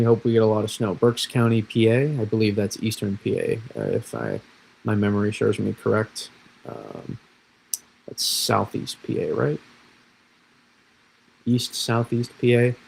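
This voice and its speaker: A man's voice: mid-range voice, creaky, slightly rough, low-quality recording. A man from Massachusetts, an amateur weatherman, rambling casually through forecast models on a livestream. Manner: rambling, self-deprecating, restarts often. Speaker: weather streamer.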